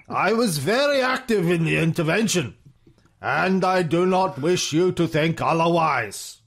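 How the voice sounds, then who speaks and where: A man impersonating a witty older British wartime prime minister, in a pompous, drawn-out way. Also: on the high side, animated, creaky, pitched above the performer's own voice, exaggerated voice. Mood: jovial.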